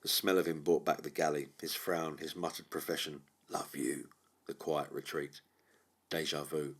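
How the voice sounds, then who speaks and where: A man narrating a horror audiobook in a measured, brooding way. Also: a bass voice, little pitch movement, breathy edge. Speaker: audiobook reader.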